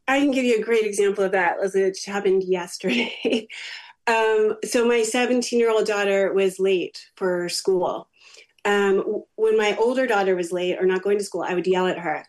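Animated middle-aged woman guest. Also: medium pitch, normal speed. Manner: animated storyteller who acts out quotes. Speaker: parent coach, guest. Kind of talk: interview guest telling a personal story.

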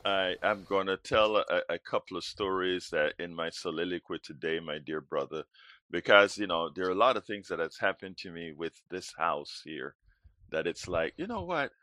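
A man's voice: low-pitched, animated, normal speed, pushed and bright, no room sound. A man hosting a call-in political talk show, speaking emphatically and at length. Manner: emphatic, preachy, wordy. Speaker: host.

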